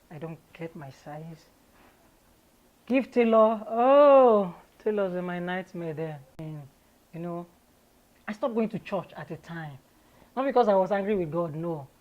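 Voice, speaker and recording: A Nigerian woman, an interview guest, telling her own story in a candid, lively way and laughing often. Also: mid-range voice, rough recording.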